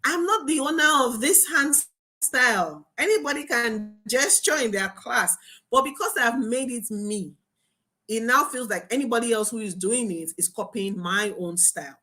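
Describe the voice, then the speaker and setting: A young adult woman teaching a marketing webinar as a coach, talking in an animated, emphatic way. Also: a little high, normal speed. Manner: animated, emphatic, laughs and acts out students' voices.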